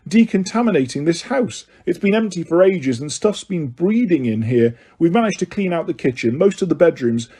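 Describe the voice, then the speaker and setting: A man voicing an earnest, anxious teenage girl witch who talks in hurried apologies. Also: fairly high pitch, expressive, mellow, breathy edge, voice pushed up.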